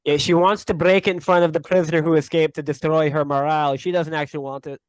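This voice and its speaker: A man's voice: a little high, flat delivery, quick pace, clear, resonant tone, no echo, rough recording. Joking male player, dry sound. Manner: joking, clarifying. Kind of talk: casual game chat.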